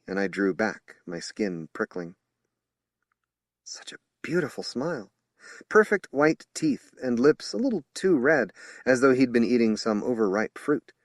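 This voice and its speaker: A man reading a horror novel aloud as an audiobook narrator in measured storytelling. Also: lowish voice, no room sound, studio quality. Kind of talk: scripted narration.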